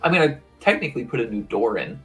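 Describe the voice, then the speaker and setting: A man's voice: mid-range voice, very animated, quick pace, fairly bright tone, faint music behind. A man taking part in a tabletop game, chatting casually and wryly in character. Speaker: player.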